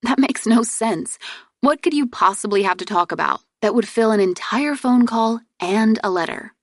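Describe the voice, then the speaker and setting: Female narrator playing a proud young royal heiress, indignant and quick to bristle; pitched up a little, dry booth sound. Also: animated, no room sound. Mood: exasperated. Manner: indignant, sharp retorts. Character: young princess heir, proud and exasperated.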